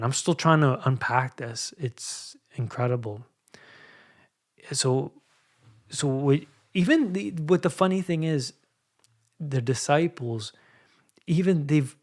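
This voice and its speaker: Man, solo podcast host, slow unhurried delivery, reflective, halting, repeats himself. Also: medium pitch. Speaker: podcast host and anxiety coach.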